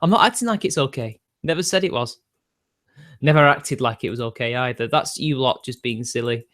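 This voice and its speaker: A man's voice: medium pitch, fairly quick, fairly bright tone. A young man, arguing defensively with his live-stream chat and laughing between points.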